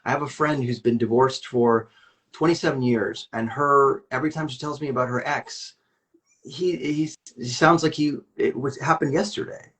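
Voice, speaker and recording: A man's voice: mid-range voice, fairly even intonation, moderate pace, a bit bright. A man speaking candidly as an interview guest, earnest and rambling, with many restarts and fillers.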